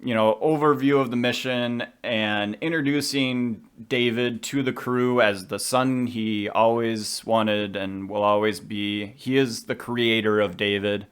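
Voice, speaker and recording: A man's voice: fairly low pitch, fairly even intonation, clear, resonant tone. A man co-hosting a podcast, chatting casually and with strong opinions about a film. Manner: chatty, opinionated, quick asides. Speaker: podcast co-host.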